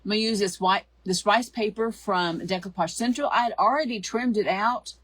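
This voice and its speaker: A hoarse middle-aged woman hosts a live craft tutorial, chatting and greeting viewers by name. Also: mid-range voice, moderate pace, a bit bright, no room sound. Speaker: craft show host.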